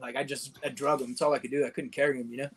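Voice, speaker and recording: A man's voice: medium pitch, little pitch movement, very fast, breathy edge. A man and combat veteran, a podcast guest casually telling a war story in vivid, profane detail, full of "dude" and "man".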